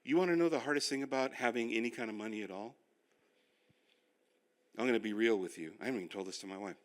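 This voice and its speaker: An older male pastor teaching a finance class, telling animated, self-deprecating stories. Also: mid-range voice, quick pace. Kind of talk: sermon-style finance class.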